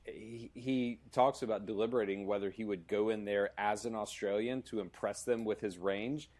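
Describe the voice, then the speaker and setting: A man's voice: lowish voice, steady tone, normal speed, darkish tone. A man hosting a podcast, chatting casually and enthusiastically, rambling as he retells scenes. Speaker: podcast host. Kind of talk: casual conversation.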